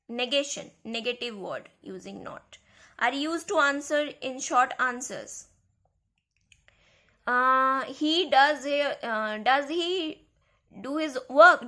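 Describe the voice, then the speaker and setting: A woman teaching a grammar lesson to schoolchildren, speaking slowly and repeating key words. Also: high voice, bright, forceful tone. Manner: slow, repeats key words, addresses kids.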